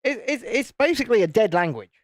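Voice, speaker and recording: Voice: mid-range voice, very animated, quick pace, no echo, studio quality. A British host chatting wryly with a live chat while building a model, teasing and joking. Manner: wry, teasing banter with the chat.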